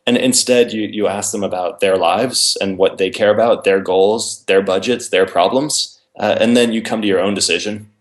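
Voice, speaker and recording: Lively low-voiced man acting out dialogues. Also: moderate pace, few pauses. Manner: animated, acts out both sides of conversations. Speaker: author and guest. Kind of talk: casual interview.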